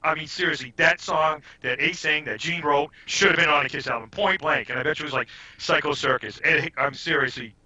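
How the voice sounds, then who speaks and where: A man guesting on a podcast, telling rambling, animated stories in casual chat and often trailing off and restarting. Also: a little high, brisk, few pauses. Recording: dull lo-fi audio.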